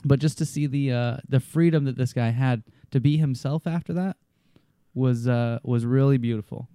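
Guy telling piercing shop stories, swears a lot, mellow dark voice, dry close sound. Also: medium pitch, moderate pace, clean tone, no echo. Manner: storytelling, swears, acts out quotes. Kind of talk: casual podcast chat.

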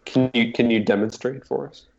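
A man co-hosting a podcast, cracking deadpan jokes in casual chat. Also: mid-range voice, fairly quick, vocal fry. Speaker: podcast co-host. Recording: dull, lo-fi sound.

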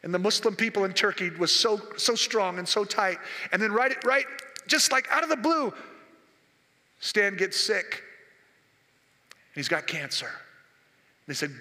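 A male preacher with a very high, piercing voice, driving his sermon with repetition and questions to the crowd. The sound carries a long reverb, as in a large hall. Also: animated, a little slow, long pauses, pushed and bright. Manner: emphatic and repetitive, with rhetorical questions to the congregation.

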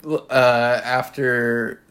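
A man's voice: mid-range voice, clear, resonant tone. A man co-hosting a podcast, chatting casually and jokingly about a video game. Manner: excited, joking, quick asides. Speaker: podcast co-host. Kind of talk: casual gaming chat.

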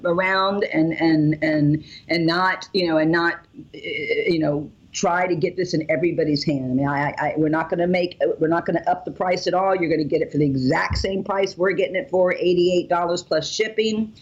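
Woman on a call, gushing and emotional, low husky tone, muffled sound. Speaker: mother promoting a health product. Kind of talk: excited phone call.

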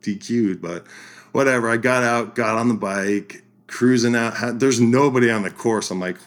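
A man telling a story as a podcast guest, animated and laughing through his lines. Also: medium pitch, moderate pace. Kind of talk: casual storytelling.

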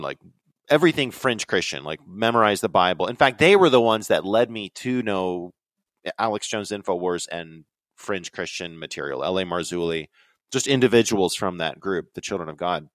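A young man telling rambling, excitable stories on a podcast, his voice leaping up high when he quotes himself. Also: no room sound. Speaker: podcast guest. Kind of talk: casual storytelling chat.

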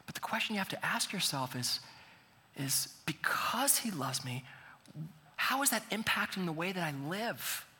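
Bright-voiced pastor preaching in a reverberant hall. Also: male voice, high-pitched, big pitch swings, moderate pace. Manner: earnest, builds to emphatic preaching. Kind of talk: sermon.

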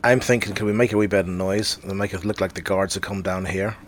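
Gamer guy, lowish voice, plans ambushes, says sorry a lot. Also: fairly even intonation, quick pace. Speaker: player. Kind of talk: casual game chat.

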